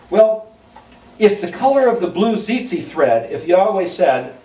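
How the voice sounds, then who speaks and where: A man with a slightly high voice teaches from scripture. He spells out Hebrew letters one by one and thinks aloud as he explains. The sound carries a roomy echo from a mic set some distance away. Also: darkish tone. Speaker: Bible teacher. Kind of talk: recorded Bible teaching. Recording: echoey room, mic at a distance.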